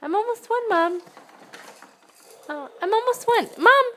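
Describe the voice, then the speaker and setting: Mom doing a whiny one-year-old baby girl, voice pushed well up, bright and questioning. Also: very high-pitched, expressive, a little slow, a little hiss or hum, voice pushed up, heavily acted. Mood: puzzled.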